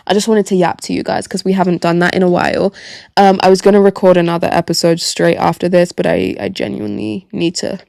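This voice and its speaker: A young woman from Gambia hosting her own podcast, chatting casually in a rambling, self-mocking way, her throat sore and voice going hoarse. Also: fairly low pitch, little pitch movement, quick pace, a little mellow, no echo. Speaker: podcast host. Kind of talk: casual solo chat. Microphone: podcast microphone.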